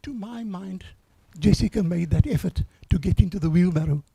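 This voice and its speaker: An older man, hoarse from years of choir singing, giving an earnest, halting eulogy for his granddaughter at a memorial service. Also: high voice, dark tone, no room sound.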